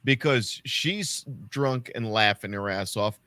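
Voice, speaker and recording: A man co-hosting a casual podcast chat, telling stories from stand-up with lively, acted-out quotes. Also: fairly low pitch, slow, no echo. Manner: animated storyteller acting out quotes. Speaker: podcast co-host and stand-up comic.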